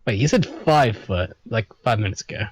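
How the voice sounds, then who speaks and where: Lively man playing a tabletop game. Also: lowish voice, normal speed, husky. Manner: loud, blurting reactions. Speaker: player. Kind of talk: casual tabletop game play.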